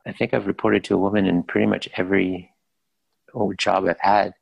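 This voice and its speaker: A middle-aged man, a podcast guest, chatting in a laid-back, somewhat halting way. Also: deep voice, flat delivery, gravelly, breathy edge, no echo, dull audio. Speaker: podcast guest, host's husband. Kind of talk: casual chat.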